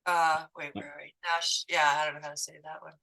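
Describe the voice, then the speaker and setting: A woman student reading aloud in class, halting and unsure as she sounds out unfamiliar words. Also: low-pitched, flat delivery, sharp tone. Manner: halting, hesitant, unsure of pronunciation.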